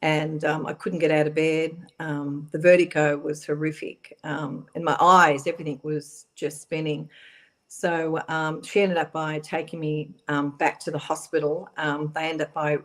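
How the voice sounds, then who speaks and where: Middle-aged woman, fairly low voice, halting speech, many fillers, radio interview storytelling. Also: little pitch movement. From Australia. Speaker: guest.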